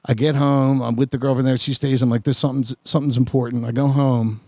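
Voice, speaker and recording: A man on a podcast, telling a long story in a rambling, animated way with many restarts. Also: medium pitch, fast talker, no echo, studio quality. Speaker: podcast host. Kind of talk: casual storytelling chat.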